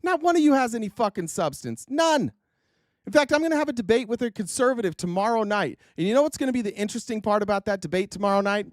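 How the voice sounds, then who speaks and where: A man with a notably high voice hosts a political live stream in a heated, sarcastic rant full of swearing. He keeps breaking off and restarting his sentences. The sound is close and dry, with no room in it. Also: lively intonation, fast, no echo. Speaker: political livestream host. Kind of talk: ranting political commentary.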